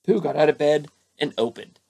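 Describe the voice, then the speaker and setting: A man's voice: on the high side, a little fast, husky. Male bedtime storyteller. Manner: lively, voices each character. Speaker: storybook narrator. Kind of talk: bedtime story read-aloud.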